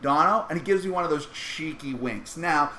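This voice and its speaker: Give me a high-pitched Canadian man telling a story on a podcast, acting out the voices, in an echoey room. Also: moderate pace, a crowd in the background. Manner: animated, acts out quoted voices. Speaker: podcast host. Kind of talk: casual storytelling chat. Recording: echoey room, faint noise.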